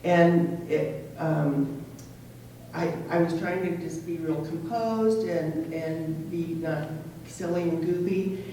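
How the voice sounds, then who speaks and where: A woman in her sixties, a former player on a panel, telling an old story in an animated way. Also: lowish voice, slow, slight background noise. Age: 60s. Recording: echoey hall from far off.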